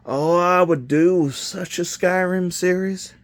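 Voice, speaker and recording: A man with a slightly high voice talks through a toy set review at a slow, unhurried pace. He rambles, makes wry self-deprecating asides and keeps drifting off topic. The sound is dry and close. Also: fairly even intonation, dry recording.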